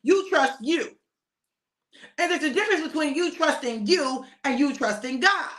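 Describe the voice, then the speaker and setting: A middle-aged woman preaching an informal sermon in a lively, conversational way, addressing her listeners as y'all. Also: moderate pace. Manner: preachy, conversational, uses y'all and folksy phrasing; lively, emphatic, rising to high pitch for emphasis. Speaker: pastor and prophetic speaker. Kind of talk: informal sermon, live stream.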